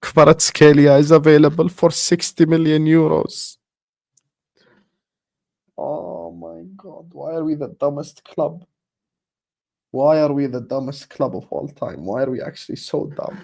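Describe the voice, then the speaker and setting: A man's voice: on the high side, steady tone, unhurried, creaky, a little mellow. A young man hosting a football live stream, ranting in exasperation, repeating himself and swearing.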